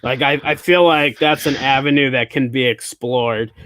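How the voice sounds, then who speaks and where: A man's voice: mid-range voice, steady tone, moderate pace, fairly bright tone, no echo. A man hosting a comedy podcast, riffing on jokes in casual chat and laughing often.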